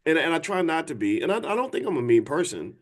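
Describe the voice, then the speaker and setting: A man's voice: on the high side, very animated, quick pace. A man in his fifties hosting a live talk, blunt and insistent, often restarting and asking viewers to respond. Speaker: host. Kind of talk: livestream talk to an audience.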